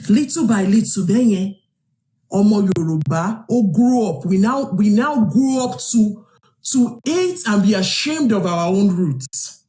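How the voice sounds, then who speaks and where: A woman's voice: medium pitch, animated, measured pace, dark tone, roomy sound. A woman with a Yoruba accent hosting a live stream, speaking passionately, asking rhetorical questions and switching between Yoruba and English. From Yoruba southwest Nigeria. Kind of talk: impassioned live stream monologue.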